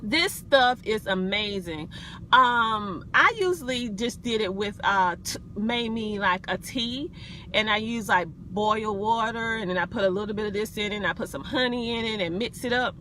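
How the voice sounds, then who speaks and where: A woman's voice: medium pitch, normal speed, bright, forceful tone, a little hiss or hum. Chatty Southern woman live from her car. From South Carolina, USA. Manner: chatty, folksy, frequent ums and giggles. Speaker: wellness vlogger. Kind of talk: casual live video chat. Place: inside a parked car.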